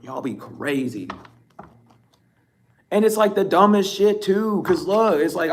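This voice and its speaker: A man giving a casual tarot reading, teasing and laughing often, blunt and profane, with a throat that sounds a bit rough. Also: sits high, expressive, slow pace, pauses often, a little hiss or hum. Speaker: tarot reader.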